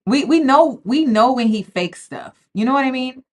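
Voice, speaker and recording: At normal speed and with a voice that sits high, a woman delivers animated reality show commentary full of slang. She chats straight to her viewers, addressing them as y'all.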